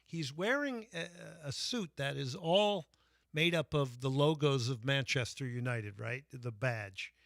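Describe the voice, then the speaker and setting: A man's voice: medium pitch, measured pace, creaky, a bit bright, no echo, studio quality. A man hosting a sports radio show, talking casually with frequent fillers and restarts. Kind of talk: casual sports talk monologue.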